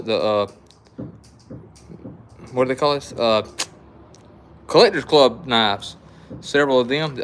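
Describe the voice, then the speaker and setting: A middle-aged man with a drawl talks folksy and rambling, like he's hosting a live sale for viewers he knows. His voice sits at an ordinary, middling pitch, and the talk stays easygoing. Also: a bit bright, slight background noise. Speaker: knife shop host. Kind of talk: casual live-stream sales chat.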